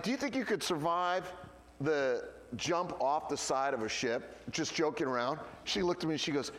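An animated male pastor delivers a sermon, firing off rhetorical questions before dropping to quiet asides. His voice sits high and swings widely in pitch. A long reverb trails each phrase, as in a church sanctuary.

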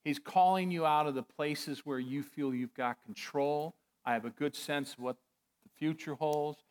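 A man preaching a sermon as pastor, retelling a story with animated excitement and frequent chuckles. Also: a little high, moderate pace, clean tone. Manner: chuckles often.

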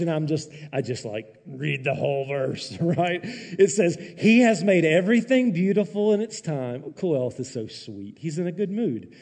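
A man preaching a sermon as a pastor, animated and sarcastic, acting out mock quotes in raised voices. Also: on the high side, normal speed, big-room sound. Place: church.

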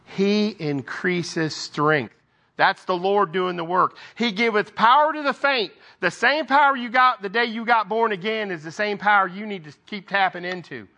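A man's voice: sits high, moderate pace, few pauses, sharp tone. A man giving an informal Bible devotional, reading scripture aloud and breaking off for conversational asides. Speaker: lay preacher.

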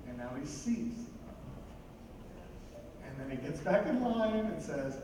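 A man preaching a sermon to a congregation in a conversational, animated way, often asking the listeners questions. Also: medium pitch, a little slow, pauses often. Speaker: pastor. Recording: echoey hall, voice from a distance, background noise.

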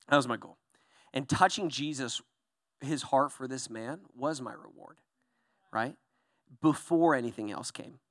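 A man's voice: mid-range voice, no echo, studio quality. A young adult man, a pastor, giving a conversational sermon, checking in with "okay?" and "right?" and acting out voices from the Bible story. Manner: animated storyteller, acts out voices in Bible passages.

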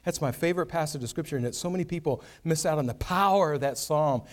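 A man's voice: a little high, fast talker. A man giving an earnest, conversational Bible teaching with vivid everyday examples. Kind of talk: sermon.

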